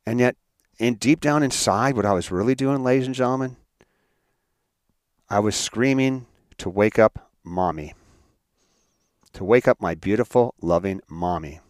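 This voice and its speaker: A man with a fairly low voice tells a personal story to an audience, halting and repeating words as he goes. His delivery is heartfelt, and the sound is dry and close. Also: darkish tone, no echo. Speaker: speaker telling his life story. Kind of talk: personal story in a motivational talk.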